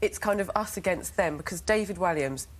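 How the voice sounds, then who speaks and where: A woman's voice: on the low side, a little fast. Chatty English woman telling showbiz stories. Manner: lively storyteller, acts out quotes. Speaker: guest. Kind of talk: chatty showbiz interview anecdotes. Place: TV studio sofa.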